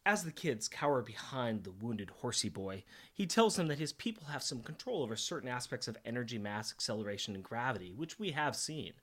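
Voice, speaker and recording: A man's voice: medium pitch, very animated, a little fast, few pauses, fairly bright tone. A middle-aged man co-hosting a casual comic book podcast, enthusiastic and jokey, laughing often. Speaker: podcast co-host.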